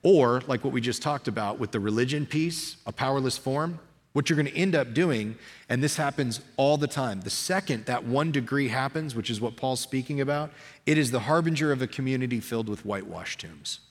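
A man's voice: mid-range voice, fairly quick. Man preaching conversationally in a reverberant hall. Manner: energetic, conversational preaching with frequent restarts. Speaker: pastor. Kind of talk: sermon.

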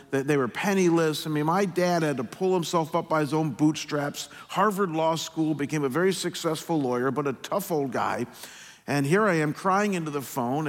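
Middle-aged male pastor, slightly higher voice, earnest sermon storytelling, long hall reverb. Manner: slow, earnest personal storytelling.

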